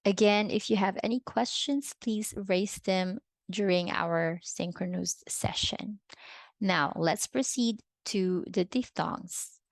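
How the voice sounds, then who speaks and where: A woman's voice: mid-range voice, no echo, studio quality. A woman teaching an online Spanish lesson, explaining step by step and often checking in with "okay". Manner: slow, careful explaining with frequent "okay" check-ins.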